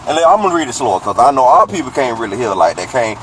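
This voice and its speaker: A man in the middle of a casual scripture lesson, taking each verse apart and repeating lines slowly so they sink in. His pitch sits in an ordinary middle range. Faint outdoor traffic hums behind him. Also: sing-song, a bit bright, low-quality recording. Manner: explains word by word, rereads verses slowly. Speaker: informal Bible teacher.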